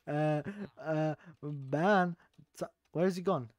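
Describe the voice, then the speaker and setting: A man's voice: on the high side, normal speed, a little mellow. A young adult man streaming live, bantering crudely with his chat, laughing and teasing, with a sore throat.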